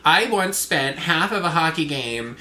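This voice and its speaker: A man co-hosting a podcast, telling rambling, animated stories in casual chat. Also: a little high, measured pace. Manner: rambling, animated storytelling with fillers. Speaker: podcast co-host. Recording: echoey room, faint noise.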